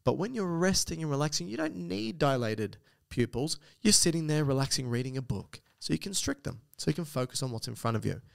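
A man's voice: a little high, lively intonation, brisk, vocal fry, hardly any pauses. A man with an Australian accent co-hosting a podcast, chatting casually, reading out listener emails and explaining things with joking asides. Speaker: podcast co-host.

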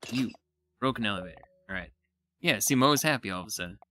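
Bright-voiced excitable man playing a game. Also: fairly low pitch, fast, slight background noise. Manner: excitable, thinks aloud, self-deprecating. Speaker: gaming YouTuber. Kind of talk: casual let's-play commentary.

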